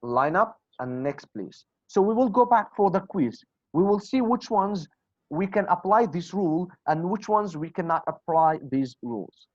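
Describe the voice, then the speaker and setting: A man's voice: sits high, animated, normal speed, darkish tone, no echo. A man whose first language is Kurdish, teaching English in an online class, drilling words aloud and asking and answering his own questions. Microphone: video call. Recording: dull lo-fi call audio, dry.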